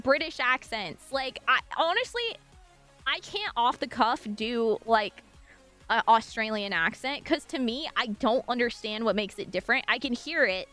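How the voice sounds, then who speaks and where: A young woman streamer from French Canada, bubbly and rambling as she talks with her chat. Her voice sits high and swoops all over, with faint music playing behind her. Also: pushed and bright. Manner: bubbly, rambling, full of fillers and sudden squeals. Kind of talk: casual live-stream chat. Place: home streaming room.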